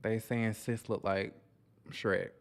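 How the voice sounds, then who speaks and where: A man's voice: lowish voice, steady tone, takes it slowly, clean tone. A man hosting a casual commentary vlog on reality TV, sassy and chatty, talking straight to his viewers and calling them honey.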